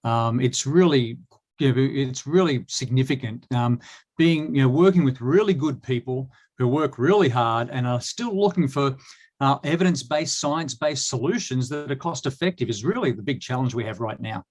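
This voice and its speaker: A man's voice: medium pitch, animated, normal speed, darkish tone. A man with an Australian accent, talking as a guest in a casual online interview, with many fillers and restarts.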